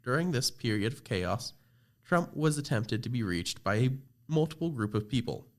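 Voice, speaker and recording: A man's voice: medium pitch, lively intonation, normal speed. A teenage boy narrating a scripted school project podcast, reading steadily with small slips and restarts. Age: teens. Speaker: student presenter.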